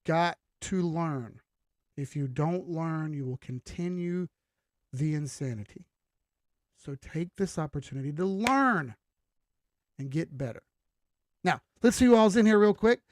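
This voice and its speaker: A man's voice: on the high side, darkish tone, dry recording, studio quality. A young man hosting a crypto trading livestream, giving an emphatic, preachy, blunt pep talk with casual swearing.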